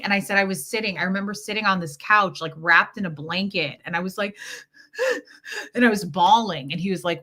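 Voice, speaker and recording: A woman's voice: mid-range voice, fairly quick, pushed and bright. A woman in her forties hosting a casual chat with viewers, telling a personal story with candid, emotional swearing. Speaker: livestream host.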